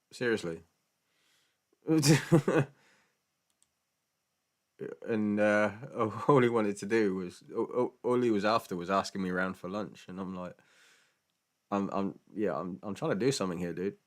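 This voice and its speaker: A man's voice: fairly low pitch, unhurried, pauses often. A British man hosting a casual live stream Q&A, chatty and laughing often, with stammering restarts and jokey mock voices when quoting people. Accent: British English. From Britain.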